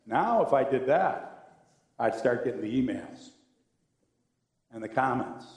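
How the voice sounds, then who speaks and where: An older male pastor preaches in a relaxed, chatty way, slipping into wry sarcasm. His fairly high voice leaps up and down with lively emphasis. The sound carries the roomy echo of a church sanctuary. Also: normal speed. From American South. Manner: conversational, wry and sarcastic, with animated swings of pitch. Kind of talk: sermon.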